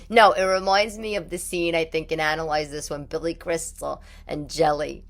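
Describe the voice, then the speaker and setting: A woman with a New York accent chats through her podcast from home, low in pitch and rambling from thought to thought. She fills her sentences with little asides and laughs easily as she talks. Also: steady tone, measured pace. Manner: chatty, rambling, laughs easily, many fillers. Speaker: podcast host. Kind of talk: casual solo podcast chat. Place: home living room.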